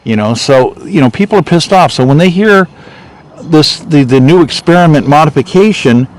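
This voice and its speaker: A man's voice: on the high side, animated, moderate pace, low-quality recording. A man speaking as a political candidate in a rambling, off-the-cuff monologue, repeating himself and growing indignant.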